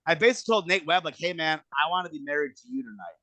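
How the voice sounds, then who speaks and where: A man in his thirties telling a casual story, animated and profane, acting out quotes in exaggerated voices. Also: a little high, fast talker, dry recording. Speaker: podcast guest telling a wrestling story.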